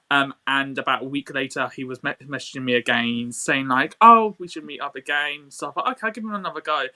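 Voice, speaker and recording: A man, co-hosting a casual podcast over a video call and telling a story in a lively, swearing way. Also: fairly high pitch, quick pace, hardly any pauses. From England. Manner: animated, swearing, lively quoted dialogue. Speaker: co-host.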